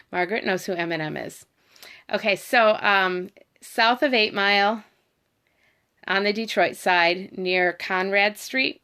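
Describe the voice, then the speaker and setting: A woman's voice: mid-range voice, sharp tone, clean tone. A middle-aged woman, chatting and rambling as she tells a story on a livestream, talking to viewers and her dog. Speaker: vlogger.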